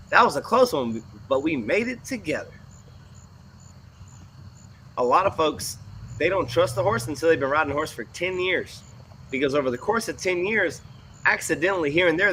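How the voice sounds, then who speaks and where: A man who trains horses, commenting on student videos in a folksy, animated way. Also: on the high side, slight background noise. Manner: folksy, animated, puts on voices for quoted people and horses.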